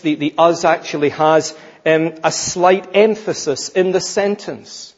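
A man delivering an expository sermon in a measured, emphatic way, his phrases falling quiet at their close. His voice sits somewhat high and he speaks very slowly. The sound is dull and lo-fi, with a long reverb trailing through a large hall. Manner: slow, emphatic preaching, dropping soft at phrase ends. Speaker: preacher.

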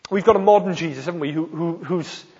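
A man from South Wales with a Welsh accent preaches a sermon, hitting key phrases with emphatic stress. His voice is a little high, fast, darkish in tone and slightly rough. The recording has a long hall reverb and a dull sound.

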